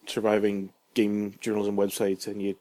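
A man's voice: lowish voice, completely flat delivery, moderate pace, warm tone, no echo. A man hosting a casual podcast, easygoing and steering the topics. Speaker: podcast host.

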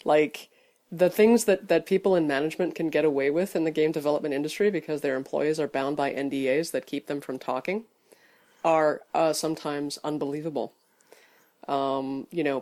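A man's voice: on the high side, steady tone, brisk, darkish tone. A man co-hosting a casual podcast, talking in a rambling way with many fillers and restarts. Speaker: podcast co-host.

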